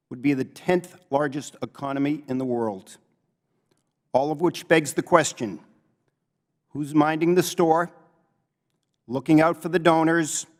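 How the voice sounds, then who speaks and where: A man reading prepared testimony as a financial analyst at a hearing, measured and dropping low on the words he stresses. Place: congressional hearing room. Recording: long reverb in a hearing room.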